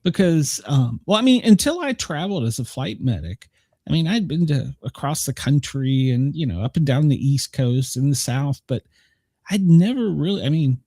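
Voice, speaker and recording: A man's voice: fairly high pitch, moderate pace, no room sound, clean studio sound. A middle-aged man hosting a podcast, telling stories in casual chat, laughing often. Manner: chatty storyteller, laughs often, animated. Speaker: podcast host.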